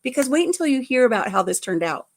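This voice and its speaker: A woman's voice: high-pitched, sing-song, fast talker. An older woman and grandmother chatting casually to her viewers, telling a family story in a rambling way with frequent restarts. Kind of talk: casual chat.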